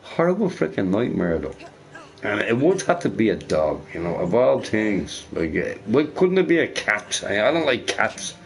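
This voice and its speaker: A man with a somewhat low voice chats loosely while he plays a game. He rambles, laughs at his own stories and fills his talk with "you know" and "right". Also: very animated, moderate pace, vocal fry. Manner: rambling, laughing, fond of filler words. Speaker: gamer. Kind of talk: rambling casual chat while playing a game.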